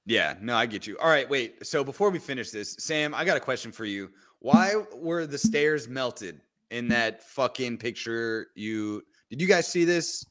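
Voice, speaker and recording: A man's voice: medium pitch, normal speed, hardly any pauses. A man co-hosting a podcast, swearing and laughing through casual banter and stories. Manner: profane, laughing, animated storytelling. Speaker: podcast co-host.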